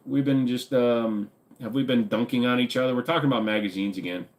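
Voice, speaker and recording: A man hosting a stream reads viewer comments aloud, joking and chatting in a laid-back, rambling way. His voice is mid-range and brisk.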